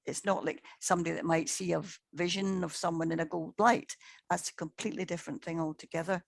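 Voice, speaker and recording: An older woman with a lowish voice recounts case stories as a guest. She talks conversationally, repeats words, and quotes others in dialogue. The sound is dry and close. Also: steady tone, fast talker, gravelly, dry recording. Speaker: paranormal investigator, guest. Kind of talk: anecdotal storytelling in conversation.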